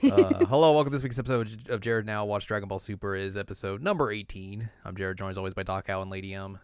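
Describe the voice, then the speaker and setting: A young man hosting a casual podcast, recapping an anime episode and acting out the characters in high, silly voices. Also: quick pace, clean tone, no echo, clean studio sound. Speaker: podcast host.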